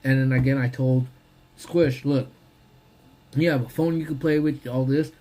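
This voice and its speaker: A man casually chatting on a live stream from his parked car during lunch, slangy and relaxed, greeting viewers as he eats. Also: mid-range voice, moderate pace. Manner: laid-back, slangy, greets viewers by name. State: talking while eating.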